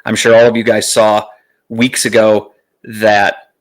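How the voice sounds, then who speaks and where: A man hosting his own podcast in a casual, rambling way, swearing freely and filling pauses with "uh". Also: fairly low pitch, monotone. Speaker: podcast host. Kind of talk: casual solo podcast chat. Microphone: streaming setup mic.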